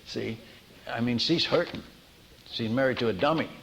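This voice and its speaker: A man preaching as a missionary, telling stories in a lively sermon, acting out the people in them and often restarting his sentences. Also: mid-range voice, a little fast, long reverb tail, slight background noise. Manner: animated, acts out dialogue, many restarts. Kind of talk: storytelling sermon.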